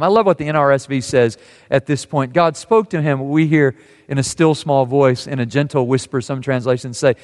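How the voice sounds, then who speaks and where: A man preaching a sermon, telling a scripture story and quoting its voices softly. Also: medium pitch, in a large hall.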